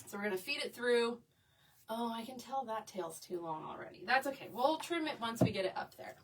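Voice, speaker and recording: A woman's voice: on the high side, animated, fairly quick, distant mic, noisy background. A woman teaching a craft live, bubbly and chatty as she talks with her viewers. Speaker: craft instructor. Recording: voice a bit away from the mic.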